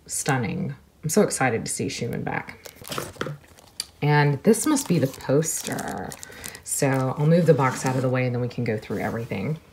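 A woman narrating an unboxing video, soft-spoken and gushing, moving between quiet murmurs and excited exclamations. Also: very deep voice, normal speed, slight background noise. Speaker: vlogger.

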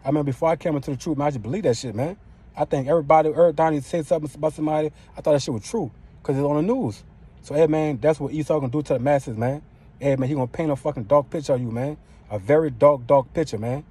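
Fast-talking husky-voiced male street preacher. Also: fairly high pitch, dark tone. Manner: profane street-style preaching, constant "man" and "you know what I'm saying". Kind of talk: informal religious sermon.

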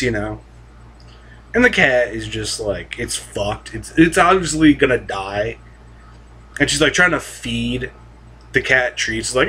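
A man's voice: medium pitch, lively intonation, slow, long pauses, a bit bright, husky. A young man talking casually and rambling about anime, swearing freely and restarting his sentences with lots of fillers. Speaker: anime vlogger.

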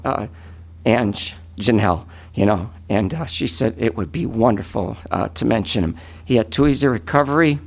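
A man in his fifties, a recovery advocate giving earnest, halting public testimony at a county meeting while fighting back emotion. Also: lowish voice, darkish tone.

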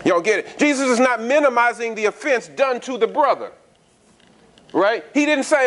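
A man's voice: very high voice, lively intonation, normal speed, a bit bright. A man preaching a sermon in a conversational style, asking the congregation frequent rhetorical questions and repeating words as he restarts. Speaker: pastor.

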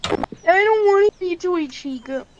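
A very high-pitched female gamer chatters through a game role-play, dramatic and full of pretend plot ideas. There is steady audible noise behind her voice. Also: muffled recording. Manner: dramatic, quick to suggest pretend plot twists. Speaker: game player. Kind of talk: playful role-play chatter while gaming. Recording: clear background noise.

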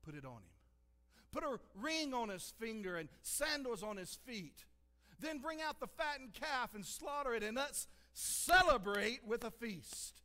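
A man's voice: very high-pitched, big pitch swings, measured pace, bright, forceful tone, pitched above the performer's own voice, exaggerated voice. A man voicing a forgiving father who brushes off his son's apology in a folksy, casual way. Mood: commanding. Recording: long hall reverb.

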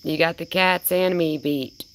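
Woman, low voice, soft cooing baby-talk, outdoors at night, faint crickets behind. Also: fairly even intonation, measured pace, slight background noise. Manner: coos softly and praises, baby-talk tone. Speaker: vlogger. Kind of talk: casual talk to a wild animal.

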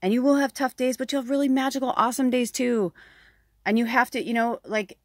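A woman's voice: on the high side, a little fast, no room sound, clean studio sound. A woman in her thirties, a spiritual medium giving a casual, frank reading, swearing freely and telling her own stories with lots of fillers. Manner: frank, profane, animated storytelling.

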